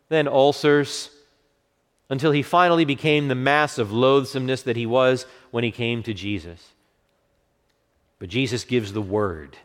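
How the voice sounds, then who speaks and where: A man preaching a sermon with fervent swells of emphasis and softer, hushed moments. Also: medium pitch. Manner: fervent, rising to bursts then dropping to hushed quotes. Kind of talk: expository sermon. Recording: long reverb of a large hall.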